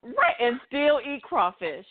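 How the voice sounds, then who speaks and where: A woman guest speaks on a call-in radio show in an emphatic, motivational way, repeating her points for weight. Her voice sits fairly high. It reaches the listener through a thin, tinny phone connection. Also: sing-song, slow pace, a loud crowd. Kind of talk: casual call-in radio talk.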